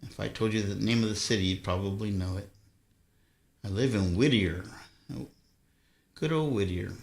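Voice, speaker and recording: A Southern California man hosts a live stream, reading viewer chat and spinning rambling stories in an easygoing way, chuckling often. His voice is lowish and creaky at a normal speed, and the sound is roomy.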